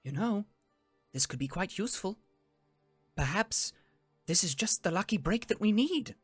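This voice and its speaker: A man's voice: high-pitched, lively intonation, normal speed, breathy edge, dry recording, soft background music. A man voicing a sheepish young male elf student in a tabletop game, fussy and rambling. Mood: eager.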